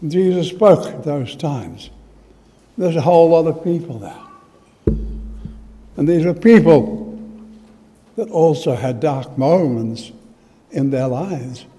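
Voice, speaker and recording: An Australian man preaching in a church, his voice mellow and unhurried. He leans hard on key words and then falls to a near whisper. A long hall reverb trails each phrase. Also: a little high, animated, faint music behind. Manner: emphatic, swings from loud stress to hushed asides. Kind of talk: sermon with personal testimony.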